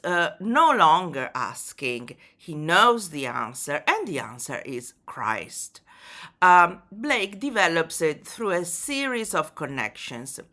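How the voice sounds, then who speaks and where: A woman giving a poetry lesson, explaining in a measured, deliberate way with frequent fillers. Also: low-pitched, bright, forceful tone. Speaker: literature teacher.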